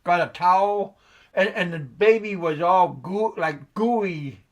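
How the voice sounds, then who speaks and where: Slow-talking halting man telling a story. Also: sits high. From United States. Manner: halting, many restarts and ums, laughs at own jokes. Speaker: show host. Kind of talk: casual chat, telling a story.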